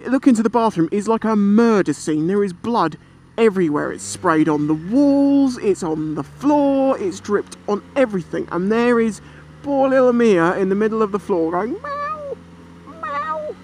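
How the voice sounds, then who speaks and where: A British man vlogging from a motorbike, telling a story in a chatty, animated way and swearing freely. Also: high-pitched, normal speed. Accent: British English. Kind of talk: casual storytelling while riding. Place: on a motorbike outdoors. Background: traffic and engine noise.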